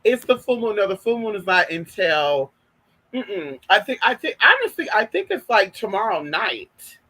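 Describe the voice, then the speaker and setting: A woman's voice: medium pitch, sing-song, normal speed, pushed and bright. A woman from California, sassy, chatting casually to viewers on her live stream and calling everyone honey.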